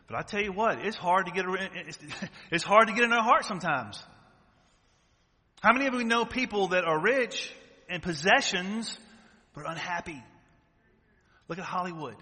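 Forceful preaching man in a reverberant hall. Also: high-pitched, lively intonation, moderate pace, long pauses. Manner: emphatic preaching with rhetorical questions. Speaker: pastor. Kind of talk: sermon. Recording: long church-hall reverb.

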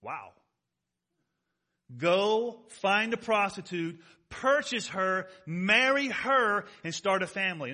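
Pastor, male, high bright voice, conversational sermon delivery with drawn-out emphasis and frequent questions to the congregation. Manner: conversational preaching, slows down to stress key words.

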